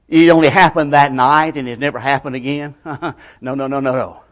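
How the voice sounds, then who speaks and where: A man preaching a sermon, his delivery swinging from loud emphatic passages to hushed, almost whispered lines, in plain colloquial grammar. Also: mid-range voice, steady tone, fairly quick.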